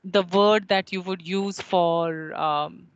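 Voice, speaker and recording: Slow, measured woman teaching online. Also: lowish voice, fairly even intonation, dry recording, dull audio. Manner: slow and measured, repeating words to model pronunciation. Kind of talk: online phonetics lecture. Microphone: video call.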